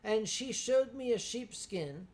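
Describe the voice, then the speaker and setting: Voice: mid-range voice, animated, darkish tone. A show host from Pennsylvania telling anecdotes in a casual chat, acting out the voices of the people in the stories. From Pennsylvania, USA. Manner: unhurried anecdote telling, acts out quoted voices.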